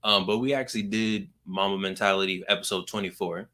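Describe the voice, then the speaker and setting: A young adult man hosting a podcast, talking in a casual, energetic and playful way. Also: sits low, a little fast. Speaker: podcast host.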